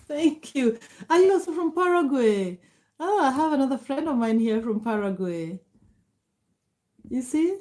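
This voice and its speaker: Middle-aged woman, livestream host, friendly, chatty, slightly higher voice, laughs easily. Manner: warm, greets viewers by name, laughs often. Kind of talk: casual livestream chat reading comments.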